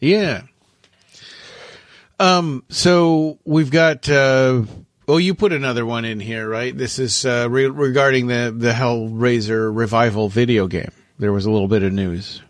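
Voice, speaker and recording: A man's voice: mid-range voice, steady tone, measured pace, no room sound. Easygoing man on a dry mic. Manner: agreeable, frequent affirming "yeah"s, easygoing. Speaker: podcast co-host. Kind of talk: casual podcast chat.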